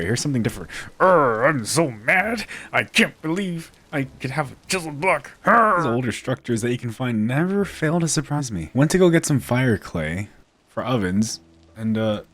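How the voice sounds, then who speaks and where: Playful man narrating his game build. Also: medium pitch. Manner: playful, self-mocking, giggly asides. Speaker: gaming video creator. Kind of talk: casual game commentary.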